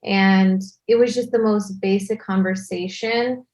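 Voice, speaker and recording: Appearing as a guest in a casual interview, a young content creator speaks at a measured pace in a medium-pitched, slightly mellow voice with fairly even intonation. Her speech has a Valley girl style, packed with "like" fillers.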